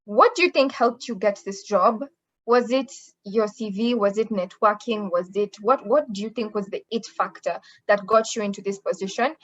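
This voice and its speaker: Woman, panel moderator, effusive, filler-heavy, middle pitch, muffled audio. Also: moderate pace, fairly bright tone. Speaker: webinar moderator. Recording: slightly dull lo-fi audio.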